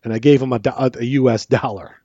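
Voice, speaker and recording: A man's voice: mid-range voice, steady tone, fast talker, warm tone, breathy edge, no echo. A man on a podcast telling a rambling, profane story, acting out his own lines and repeating himself as he goes. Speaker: podcast co-host. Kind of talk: casual storytelling chat. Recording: dull lo-fi recording.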